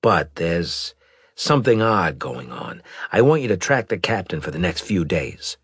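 Man doing a worn-out dutiful sergeant, deferential, husky low voice, dry close sound. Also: very animated, measured pace, no echo, full character voice. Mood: guarded. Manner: tired and deferential. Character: weary dutiful male sergeant, mid-career.

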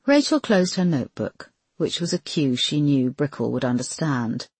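A woman narrates an audiobook, measured and expressive. Her voice sits low and husky, with lively pitch movement. The sound is dry and close. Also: no echo. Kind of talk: scripted narration.

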